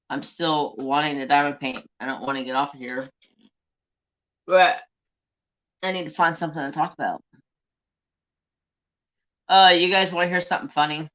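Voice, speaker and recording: A man's voice: on the high side, fairly bright tone, highs cut off. A man hosting a crafting live stream, telling stories in casual, profane chat. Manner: chatty, profane storyteller.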